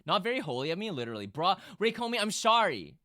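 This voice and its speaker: A man streaming live, chatting casually with his audience and breaking into loud bursts of laughter. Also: sits high, very animated, fast talker, no room sound, clean studio sound.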